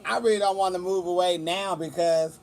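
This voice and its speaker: A California man in his forties vlogs outdoors on the beach, chatting casually to the camera and swearing freely. His voice is high-pitched with a steady tone, and he talks a little fast.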